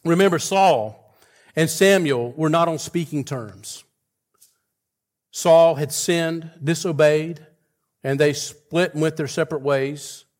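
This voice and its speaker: A man's voice: fairly high pitch, slow pace. A man preaching a sermon, earnest, retelling scripture scenes with rising intensity and frequent restarts.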